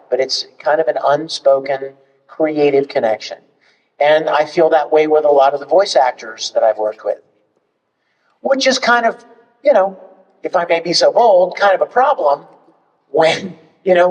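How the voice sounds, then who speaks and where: Guy chatting on a convention panel, kinda high voice, echoey hall way off the mic. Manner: animated, chatty storytelling. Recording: echoey hall from far off, muffled.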